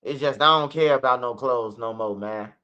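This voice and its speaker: A man's voice: medium pitch, normal speed, pushed and bright, clear, resonant tone. A man telling a story casually, full of profanity and acted-out quotes, as a channel host. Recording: dull lo-fi recording.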